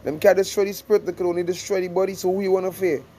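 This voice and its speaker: A man giving an informal scripture study sermon, reading verses slowly, then explaining in loose, repeated phrases. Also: sits high, steady tone, warm tone, slight background noise, rough recording. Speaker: scripture teacher.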